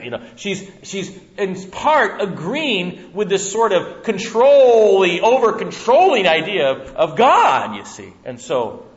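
Animated preacher man, lively pitch. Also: slow, hardly any pauses. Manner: animated, acts out voices, laughs often. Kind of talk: sermon, Bible teaching. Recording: muffled lo-fi recording.

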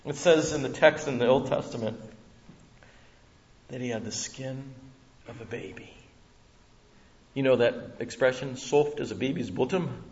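A man preaching a sermon in a church room, dramatic, swinging from loud to hushed. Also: medium pitch, a little slow, pauses often, muffled recording.

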